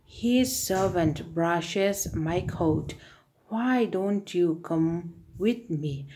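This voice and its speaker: A woman voicing a proud, sleek male town dog that boasts about its master, read slowly with clear background noise. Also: lowish voice, animated, darkish tone, low-quality recording. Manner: boastful, pleased with itself.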